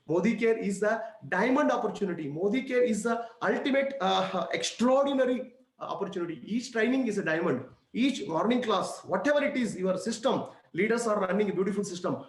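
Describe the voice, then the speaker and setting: A man's voice: high-pitched, roomy sound, low-quality recording. A man with an Indian English accent giving a preachy motivational speech, telling stories and repeating his points to the crowd. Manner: preachy, repetitive, addresses crowd as ladies and gentlemen. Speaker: motivational speaker.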